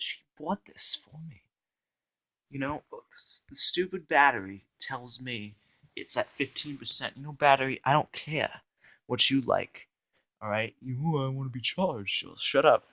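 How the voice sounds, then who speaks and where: A man's voice: mid-range voice, sharp tone, dry recording. Rambling man with mock mob-boss bluster. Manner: rambling, constant "you know", stammered restarts. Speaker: comedy vlogger. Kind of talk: rambling improvised comic monologue. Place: indoor home room with carpet.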